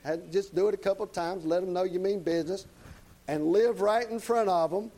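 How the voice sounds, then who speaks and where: Speaking slightly fast with a dark tone, a male preacher gives a folksy, down-to-earth sermon in a voice that runs a little high for a man. Short tag questions keep drawing in the congregation. The recording is of poor quality.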